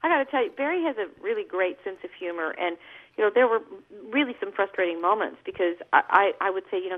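A woman's voice: medium pitch, expressive, fast talker. Chatty woman on a tinny phone line. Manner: chatty, warm storytelling with laughs. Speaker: guest singer. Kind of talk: casual radio interview.

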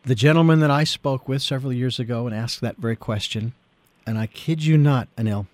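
A man's voice: medium pitch, a little fast, a little mellow, no room sound. A male radio talk show host in the studio, chatty and easily amused, with long rambling setups to his questions. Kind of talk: radio interview.

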